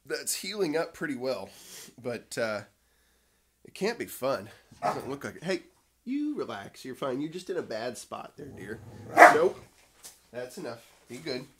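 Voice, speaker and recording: A man's voice: mid-range voice, big pitch swings, moderate pace, background noise. Man hosting a home livestream; casual, rambling with fillers, cooing to his dogs. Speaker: livestream host. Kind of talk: casual morning livestream chat.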